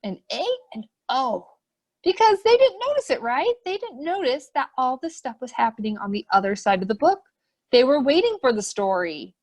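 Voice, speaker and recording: Animated woman reading to preschoolers. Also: high-pitched, a little fast. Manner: animated, full of questions and gasps for children. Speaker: children's program host. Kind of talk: reading a picture book aloud to preschoolers. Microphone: webinar computer mic.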